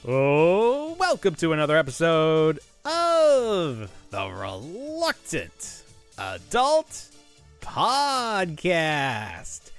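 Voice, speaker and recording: A man's voice: on the high side, extremely slow, smooth, faint music behind. A man co-hosting a podcast, chatting casually and joking. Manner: animated, jokey, riffing. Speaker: podcast co-host. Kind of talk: casual chat.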